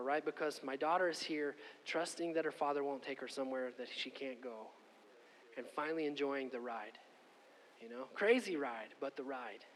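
A middle-aged man preaching a sermon and telling a personal story, conversational and animated, often asking "okay?". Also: on the high side. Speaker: pastor. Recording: long hall reverb.

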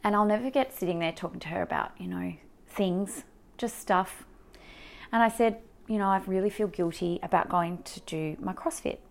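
At a moderate pace and in a mid-range voice with vocal fry, an Australian woman tells her own story as a mother. It comes out emotional, candid and animated, riddled with fillers and restarts.

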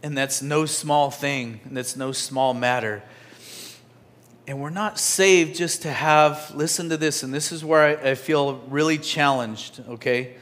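A male pastor preaching in church with a bright, somewhat high voice. He talks slowly and casually to his congregation, with restarts and asides. He swings from loud emphasis to soft, near-whispered lines. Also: fairly even intonation. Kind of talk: sermon.

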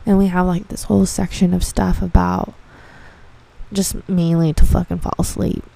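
A woman's voice: lowish voice, little pitch movement, moderate pace, creaky, mellow, no room sound. A young woman hosting a casual podcast monologue, rambling, swearing freely and filling with "like". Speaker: podcast host.

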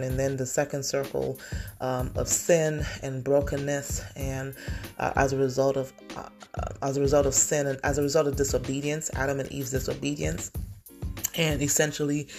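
A woman's voice: low voice, creaky. Woman, faith podcast host, heartfelt and teary, faint music behind. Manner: heartfelt, emotional, teary at times.

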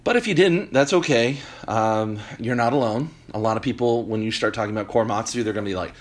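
Guy doing a solo podcast rant, lively and emphatic, cracks little jokes, medium voice. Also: mid-range voice, quick pace, few pauses. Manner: animated, joking asides, emphatic. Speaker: podcast host. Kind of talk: opinion talk show monologue.

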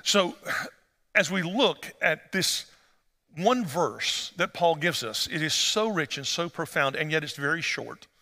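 A pastor preaches in a large church hall, his slightly high, bright voice ringing out with a long reverb. He moves from easy, conversational storytelling to animated emphasis. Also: a little slow. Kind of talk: sermon.

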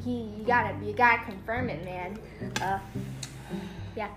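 A woman's voice: medium pitch, fairly even intonation, moderate pace, background noise. A woman in a casual family devotional talk, rambling and acting out the voices she quotes. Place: home.

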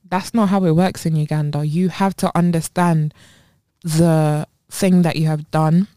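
Animated British woman telling stories. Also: low voice, measured pace, no room sound, studio quality. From England. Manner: animated storyteller, slangy and blunt. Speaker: podcast co-host. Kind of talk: casual chat among friends.

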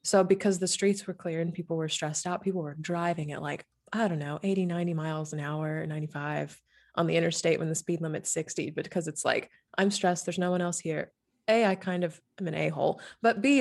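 A woman with a slightly low voice talks casually as a grief therapist. She is chatty and animated, tossing in quick asides as she explains her work. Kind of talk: casual podcast conversation.

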